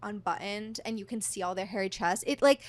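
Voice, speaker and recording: A woman in her thirties, a podcast guest, telling a dating story in an animated, chatty way full of "like". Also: medium pitch, brisk, dry recording. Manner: chatty, heavy use of "like", animated retelling. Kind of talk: casual storytelling chat.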